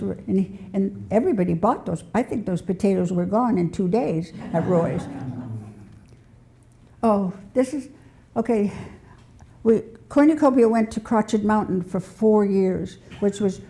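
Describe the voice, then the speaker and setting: A woman's voice: medium pitch, gravelly. An older woman telling rambling community stories, often restarting her sentences and laughing as she goes. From New Hampshire. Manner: warm rambling anecdotes with frequent restarts and laughter. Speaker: storyteller sharing community memories. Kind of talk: casual spoken storytelling.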